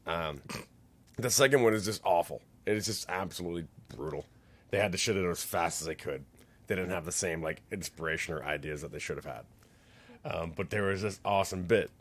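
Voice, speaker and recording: Man, lowish voice, casual podcast chat, rambling, chuckles through stories. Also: fairly quick, a bit bright. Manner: rambling, laughs while retelling scenes. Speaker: podcast co-host. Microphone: podcast mic.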